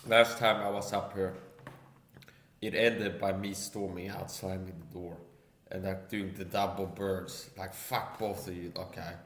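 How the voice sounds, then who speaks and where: A man with a lowish, forceful, bright voice rants casually as a livestream guest. He keeps tagging his lines with "okay?" and "see?". A roomy echo surrounds his voice. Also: flat delivery, measured pace, a little hiss or hum. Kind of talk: casual rant.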